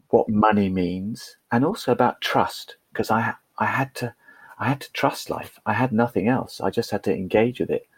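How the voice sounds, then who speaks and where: A man speaks as a podcast guest, spinning a personal tale in a loose, self-deprecating way, stumbling over restarts as he goes. His voice sits low and a little husky. The sound is dry and close to the mic. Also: a little mellow, no room sound. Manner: chatty, self-deprecating, with frequent restarts and laughs. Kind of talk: conversational storytelling.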